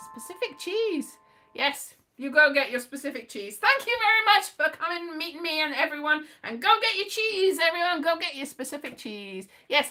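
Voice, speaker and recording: A woman's voice: sits high, bright, forceful tone. A woman vlogger rambling casually to her viewers, giggly and self-mocking.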